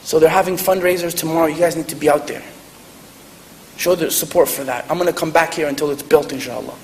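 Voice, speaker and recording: A man's voice: on the high side, steady tone, fast. A man giving an earnest sermon-style talk to a live audience, telling stories and laughing at himself. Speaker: convert speaker. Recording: echoey hall, faint noise.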